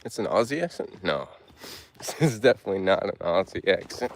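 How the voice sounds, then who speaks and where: A man with a low, expressive voice talks briskly while livestreaming from a hilly woodland trail walk. He rambles loosely, fills his speech with filler words, and slurs some of them, with a little hiss or hum in the background.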